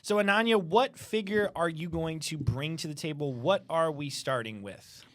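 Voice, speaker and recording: Teacher, school podcast host, mid pitch, patient, asks follow-up questions, keeps kids on topic. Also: normal speed. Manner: patient, steers chatty kids back on topic. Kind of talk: casual classroom podcast chat.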